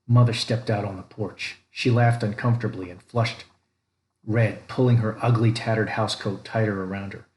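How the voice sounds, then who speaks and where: A man reading a dark story aloud as narrator, lifting his voice for the characters' lines. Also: steady tone, moderate pace. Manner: reads all characters, lifting pitch and volume for quoted lines. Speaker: audiobook narrator. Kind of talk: scripted narration. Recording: echoey room with faint background noise.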